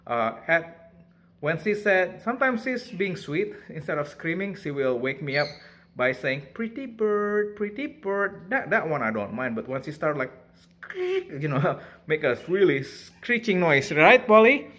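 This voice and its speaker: Chatty man with a bright voice. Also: fairly high pitch, expressive, normal speed. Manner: chatty, laughs often, coos at his bird. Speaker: pet bird owner vlogger. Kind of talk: casual talk to camera.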